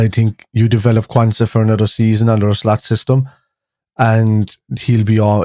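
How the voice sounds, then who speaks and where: A man's voice: lowish voice, darkish tone, no room sound, clean studio sound. A man hosting a casual fan live stream, rambling with frequent restarts as he reads out viewer comments. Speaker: fan show host.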